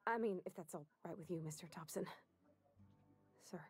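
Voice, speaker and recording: A woman's voice: fairly low pitch, normal speed, darkish tone, slightly rough. A woman voicing a shy, eager young woman mechanic in a video game, who talks hesitantly and is keen to please. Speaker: game character.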